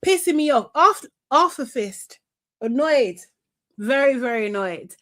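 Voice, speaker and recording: A woman's voice: high-pitched, expressive, a little slow, a bit bright. A young woman hosting a live show, chatting casually, reading out chat comments, laughing often and swearing freely.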